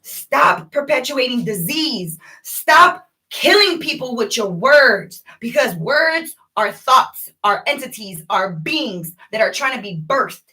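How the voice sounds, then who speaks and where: A woman vlogging a rambling, preachy spiritual monologue to her viewers, animated and addressing them directly. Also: fairly high pitch, slow, hardly any pauses, far from the mic, low-quality recording.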